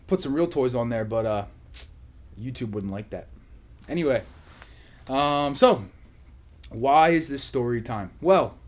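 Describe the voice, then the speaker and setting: A man hosting a vlog, telling a casual story in a sarcastic, animated way. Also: medium pitch. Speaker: vlog host.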